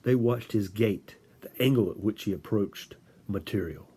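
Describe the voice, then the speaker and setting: A man giving an informal lecture, halting, with frequent restarts and filler words. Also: fairly low pitch, husky. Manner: animated storytelling with acted-out quotes.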